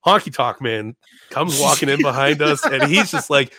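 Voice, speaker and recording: A young man from Chicago, a podcast guest, telling stories in a loose, animated way, laughing often, swearing, and restarting his sentences. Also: mid-range voice, normal speed, no room sound, studio quality. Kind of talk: casual storytelling chat.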